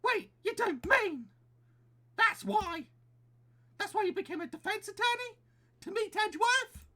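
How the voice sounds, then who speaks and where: A man voicing an eager, excitable teenage girl sidekick in a game read-along. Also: very high-pitched, a little slow, pitched above the performer's own voice, heavily acted. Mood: surprised. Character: peppy teenage girl spirit medium sidekick.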